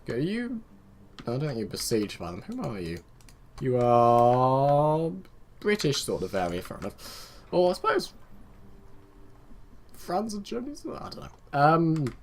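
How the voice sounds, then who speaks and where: A man's voice: medium pitch, wildly swooping pitch, unhurried, pauses often. A young man giving casual let's-play commentary, rambling and chatting to his game units with muttered asides. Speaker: gaming video host.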